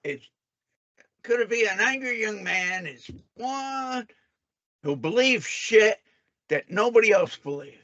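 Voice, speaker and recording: A man's voice: high-pitched, expressive, slow, pauses often, pushed and bright, no echo, dull audio. A man in a heated argument who taunts his opponent and keeps cutting in to demand a turn. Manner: taunting, keeps cutting in with repeated calls for attention. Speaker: debater.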